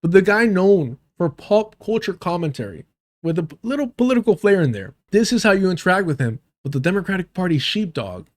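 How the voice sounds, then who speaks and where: This streamer's voice sits high and moves a little fast. He's reacting to a debate clip on his live stream, firing off profane, mocking, animated rants at chat.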